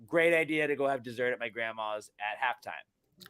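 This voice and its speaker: A young man on a casual sports podcast, venting in a heated, profane rant. His pitch sits in an ordinary middle range. He flips between shouted outbursts and grumbled asides. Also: normal speed, a crowd in the background. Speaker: podcast co-host.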